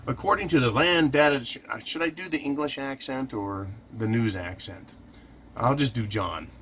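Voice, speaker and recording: A man's voice: mid-range voice, normal speed, a bit bright, a little hiss or hum. A man hosting a casual commentary, talking through his points by asking and answering his own questions. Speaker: host.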